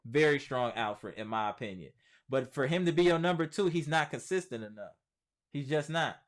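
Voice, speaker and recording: A man's voice: medium pitch, expressive, normal speed. A man hosting a casual sports live stream, reading viewer comments aloud and answering them in a chatty, slangy way, repeating his points for emphasis. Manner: emphatic repetition, slangy speech. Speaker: sports channel host.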